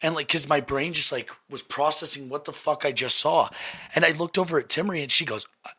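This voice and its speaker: Young man, podcast host, casual storytelling, animated, swears a lot, bright tone. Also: fairly high pitch, brisk, slightly rough. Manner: animated, swears freely, laughs often.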